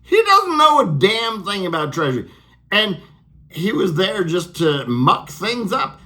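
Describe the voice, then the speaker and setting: A man's voice: sits high, very animated, a little slow, bright, forceful tone. A man delivering a sarcastic, profane political rant, laughing at his own jokes. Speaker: political vlogger.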